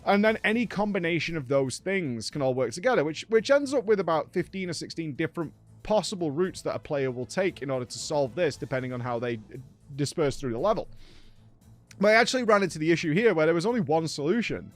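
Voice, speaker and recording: A man's voice: on the high side, animated, quick pace, soft background music. A man hosting a casual gaming recap, telling the story with laughs and acted-out quotes. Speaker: gaming streamer host.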